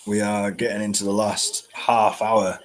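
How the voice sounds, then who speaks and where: A man's voice: lowish voice, little pitch movement, unhurried, a little hiss or hum. A man hosting a live stream, chatting and answering viewer comments with dry jokes. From United Kingdom. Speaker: host.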